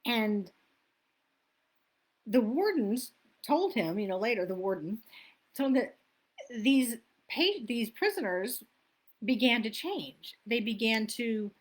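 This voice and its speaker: A woman's voice: a little high, big pitch swings, takes it slowly, long pauses. Self-help coach, woman, middle-aged; loose, chatty delivery that wanders and self-corrects. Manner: chatty, loses her place and laughs at herself. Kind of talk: casual teaching talk.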